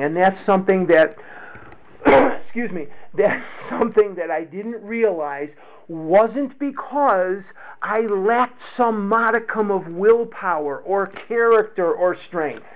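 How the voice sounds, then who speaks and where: A man sharing a candid personal story of recovery, slow and reflective, often repeating his words. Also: sits high. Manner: candid and confessional. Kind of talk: personal testimony to a group. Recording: tinny phone-like recording.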